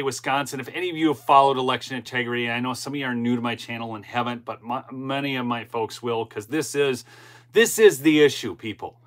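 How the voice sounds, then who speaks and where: A man's voice: medium pitch, bright, forceful tone. A middle-aged man hosting a political commentary channel, reading news aloud and breaking into impassioned asides with frequent restarts.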